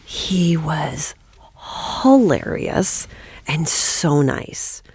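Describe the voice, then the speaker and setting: A woman guest on a podcast, telling stories in a rapid, animated way and swearing freely. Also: low-pitched, slightly rough. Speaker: guest, comedic actress. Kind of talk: casual podcast storytelling.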